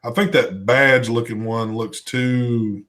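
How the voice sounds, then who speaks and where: A relaxed man with a twang co-hosts a casual live stream, talking loosely and reading viewer messages aloud. His voice sits at an ordinary middle pitch, and his talk is easygoing, with a mild curse here and there. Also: a little slow. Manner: laid-back, swears casually, reads chat aloud. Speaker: co-host of a vaping live show.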